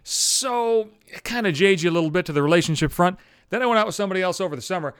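A man's voice: high-pitched, animated, fast, a bit bright, clear, resonant tone, no echo, studio quality. A man in his thirties from the Buffalo area hosting a podcast, ranting in a profane, exasperated and sarcastic casual monologue. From Buffalo area, USA. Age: 30s. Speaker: podcast host.

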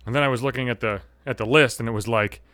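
A man's voice: medium pitch, fairly even intonation, fast talker, a bit bright, no echo. Brash, foul-mouthed man in his thirties. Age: 30s. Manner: profane, brash, sardonic ranting. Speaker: podcast host. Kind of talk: solo podcast storytelling.

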